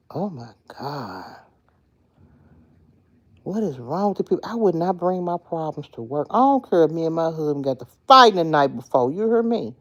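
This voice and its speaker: Woman, livestream host, casual talkative chat, low pitch, warm mellow tone. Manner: talkative, animated, playful. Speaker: livestream host chatting with viewers. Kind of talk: casual chat reading viewer comments.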